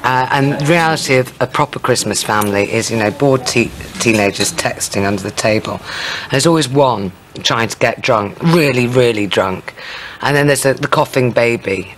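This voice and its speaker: A middle-aged man in an interview, talking casually with a deadpan, wry manner. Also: medium pitch, moderate pace, a little hiss or hum. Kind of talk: casual chat.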